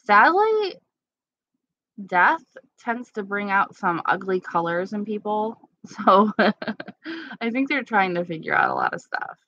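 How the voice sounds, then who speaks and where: A woman chatting casually with live-stream viewers at home, candid and quick to laugh. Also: medium pitch, wildly swooping pitch, bright, forceful tone, no room sound. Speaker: livestream host. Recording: slightly dull lo-fi sound.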